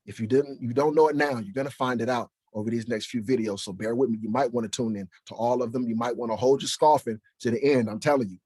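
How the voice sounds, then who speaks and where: Man, emphatic Bible preacher, husky voice, dry close sound. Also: mid-range voice, steady tone, fast, few pauses, darkish tone, no echo. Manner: emphatic, fires rhetorical questions, keeps asking "right?". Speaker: Bible teacher. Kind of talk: preaching to camera.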